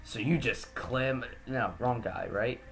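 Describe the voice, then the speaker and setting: A man's voice: mid-range voice, slow, vocal fry, fairly bright tone, soft background music. A man doing joking, rambling gameplay commentary as host, often correcting himself. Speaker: let's play host.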